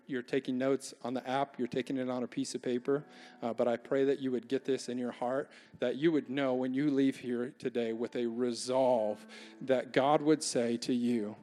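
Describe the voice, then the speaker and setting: A man preaching a sermon in a church, moving from quiet earnest talk to loud, fervent proclamation. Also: medium pitch. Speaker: guest pastor. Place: church sanctuary. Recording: long church hall reverb.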